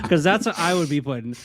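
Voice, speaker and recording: A man's voice: high voice, heavy background noise. A man in his twenties, a guest in a casual chat, joking a lot, calling people dude and trailing off mid-thought. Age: 20s. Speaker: podcast guest.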